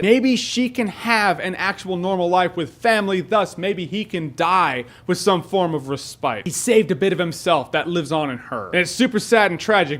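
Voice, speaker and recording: A young man with a high voice talks through a film in a casual spoiler review. He gets excitable, swears freely and drops into quick mock quotes of other people. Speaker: movie reviewer.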